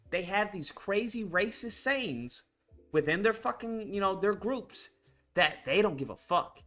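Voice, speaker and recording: A man's voice: high-pitched, animated, measured pace, sharp tone. A man hosting a casual commentary show, ranting bluntly and profanely, repeating himself for emphasis. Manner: blunt, profane, repetitive and heated. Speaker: commentary channel host. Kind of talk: casual political commentary rant.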